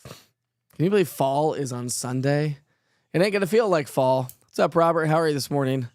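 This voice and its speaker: A man's voice: a little high, expressive, moderate pace, a little mellow, dry recording, clean studio sound. A man hosting a casual live weather show, chatty and playful, who jokes at his own expense and laughs often. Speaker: weather forecaster host.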